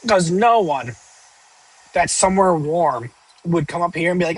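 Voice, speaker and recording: Young male streamer, somewhat high voice, off-the-cuff rambling banter. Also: lively intonation, a little slow, rough recording. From northern United States. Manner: rambling, joking, with many fillers and restarts. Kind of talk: casual live-stream chat reading viewer questions.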